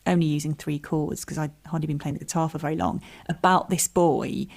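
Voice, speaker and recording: A woman's voice: low voice, fairly quick, vocal fry, a little mellow. A woman, a comedian and writer chatting as a podcast guest, telling stories in a self-deprecating way with laughs. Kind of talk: relaxed interview chat.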